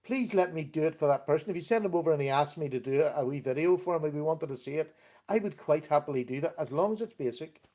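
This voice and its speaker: A middle-aged man chats casually on his live stream, greeting viewers one by one. His voice is warm and mellow, sitting a little high for a man. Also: lively intonation, fast talker. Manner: chatty, greets viewers by name, easygoing. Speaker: livestream host.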